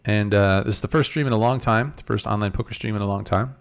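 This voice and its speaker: A man's voice: lowish voice, fast, creaky. A man hosting a casual poker live stream, chatting easily with viewers while talking through his hands. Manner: laid-back, chatty, multitasking while reading chat. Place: in Las Vegas.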